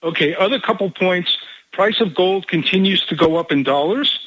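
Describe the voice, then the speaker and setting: Male radio caller on a lo-fi phone line, measured, with a bright tone. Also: high voice, no room sound. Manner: measured, points delivered one by one. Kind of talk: call-in radio talk.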